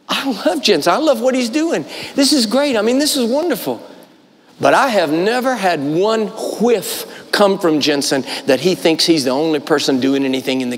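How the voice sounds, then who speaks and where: Animated preacher in a reverberant hall. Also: male voice, high voice. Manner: dramatic storytelling, voicing characters; emphatic repetition. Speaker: guest preacher. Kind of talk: sermon. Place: large church auditorium.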